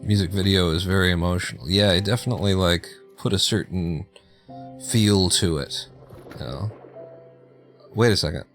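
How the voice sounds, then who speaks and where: A man's voice: low voice, moderate pace, pauses often, faint music behind. A man chatting casually through live gameplay, joking, laughing and talking to himself as he plays. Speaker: streamer.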